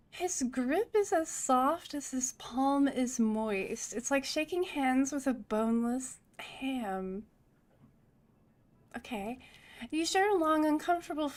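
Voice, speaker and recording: A woman's voice: high-pitched, expressive, takes it slowly. A woman streaming a role-playing game, reading narration aloud with casual asides. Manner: casual, chatty asides between read narration.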